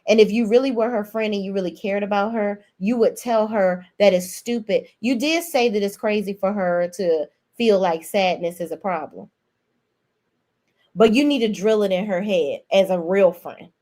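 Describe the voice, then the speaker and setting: A young adult woman giving a blunt, profane, animated rant as host of a reality TV recap. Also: medium pitch, normal speed. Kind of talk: casual ranting commentary.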